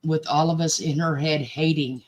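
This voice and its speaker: A woman's voice: low-pitched, steady tone, normal speed, slight background noise. A woman co-hosting a casual chat, speaking in a subdued, reflective way. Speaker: panel co-host.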